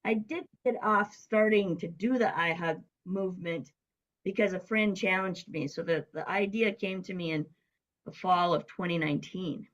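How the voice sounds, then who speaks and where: Middle-aged woman, interview guest, animated anecdote teller, voices other people when she quotes them. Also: lowish voice, normal speed, rough recording. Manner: lively storyteller who acts out quoted voices. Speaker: guest, business coach. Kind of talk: casual storytelling interview.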